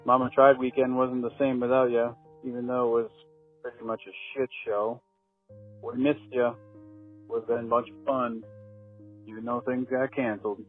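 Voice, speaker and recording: A man's voice: mid-range voice, flat delivery, normal speed. Man, casual affectionate phone message, tinny phone line, faint music. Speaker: caller leaving a voice message.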